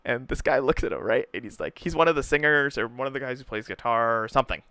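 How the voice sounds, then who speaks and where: A co-host tells stories in a casual chat, speaking quickly at mid-range pitch on a recording with no echo. He's an animated storyteller who says "right?" and "dude" constantly.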